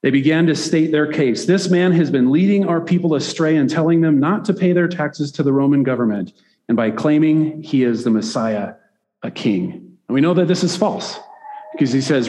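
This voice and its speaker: A man's voice: a little high, lively intonation, normal speed, warm tone, big-room sound. A man preaching a sermon, reading scripture aloud and breaking off into casual asides that keep asking "right?".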